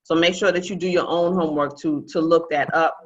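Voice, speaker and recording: Her voice sits low with fairly even intonation, moving a little fast. She's a Brooklyn, New York native running a casual online real estate training, chatty, coaching, and prone to repeating phrases, heard through dull, lo-fi video call audio.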